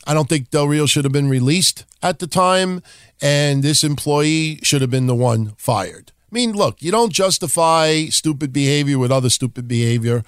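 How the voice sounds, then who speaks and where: Male podcast host, slightly higher voice, blunt and profane, dry close sound. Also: lively intonation, normal speed, smooth, no room sound. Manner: blunt and profane, wry asides. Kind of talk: casual wrestling history talk.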